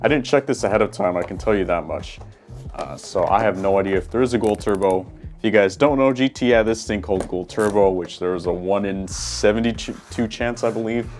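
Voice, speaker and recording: A man casually talking through a toy unboxing at a small table, relaxed and chatty with frequent ums and uhs. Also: on the low side. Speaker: toy collector reviewer.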